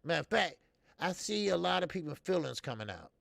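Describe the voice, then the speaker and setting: A man in his fifties hosting a boxing talk show, swearing freely and rambling with many fillers, jumping between loud emphatic bursts and low mutters. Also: very animated, fairly quick, vocal fry, no echo. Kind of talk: casual opinionated commentary.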